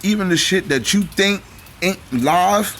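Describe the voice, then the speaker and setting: A man's voice: high-pitched, unhurried, a bit bright, a little hiss or hum. A man ranting in live commentary, heated and profane, preaching at his viewers between clips.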